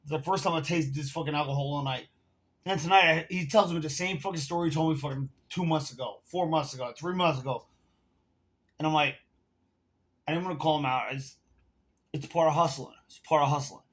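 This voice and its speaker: A man's voice: on the high side, brisk. A man ranting to camera in a casual vlog, telling a heated, profane story while smoking and drinking. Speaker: vlogger.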